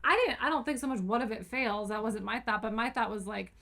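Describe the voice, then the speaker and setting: Female podcast co-host, warmly chiming in with agreement, easygoing chat. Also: fairly high pitch, fast, gravelly. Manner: supportive, frequent agreeing. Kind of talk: casual chat.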